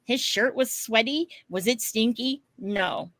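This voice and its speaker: A woman co-hosting a podcast, telling a story in casual chat, animated, laughing often and swearing casually. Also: fairly high pitch, takes it slowly, dry recording. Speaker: podcast co-host.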